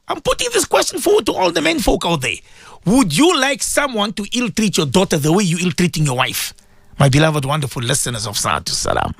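A man's voice: sits high, gravelly, a bit bright, dry recording, studio quality. A man preaching on the radio, addressing his listeners directly, emphatic and repetitive. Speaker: religious radio presenter. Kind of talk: impassioned radio sermon.

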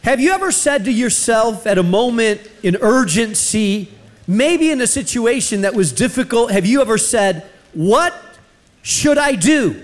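This American man's voice is extremely high-pitched at normal speed as he preaches a sermon. He animatedly tells a personal story, acting out the quoted voices.

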